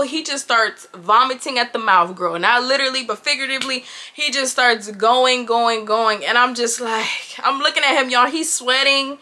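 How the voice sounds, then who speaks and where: A woman in her twenties telling a storytime to the camera in animated, chatty, slangy style, recorded indoors on a camera mic. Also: on the high side, normal speed, few pauses. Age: 20s. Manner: animated, chatty, talks straight to viewers with slang. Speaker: vlogger. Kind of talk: casual storytime chat.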